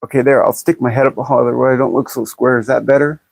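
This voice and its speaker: A woman's voice: extremely low pitch, fairly even intonation, fast, creaky, darkish tone, no echo. A woman in her fifties chatting bluntly and jokingly on a livestream, reading viewer comments aloud and laughing often. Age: 50s. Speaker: livestream host. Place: in California.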